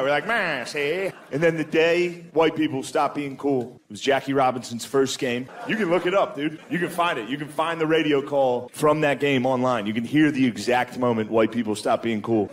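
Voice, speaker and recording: A man in his thirties doing a stand-up comedy set, mostly deadpan but breaking into loud mocking voices. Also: fairly high pitch. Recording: live club set with audience laughter, background noise.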